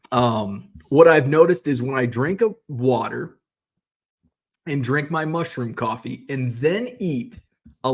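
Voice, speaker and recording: A man talks off the cuff from behind the wheel, rambling from one complaint to the next. He swears freely and sounds exasperated as he vents. His pitch sits in an ordinary middle range. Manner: rambling, profane, exasperated ranting. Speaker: vlog host. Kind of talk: casual rambling monologue.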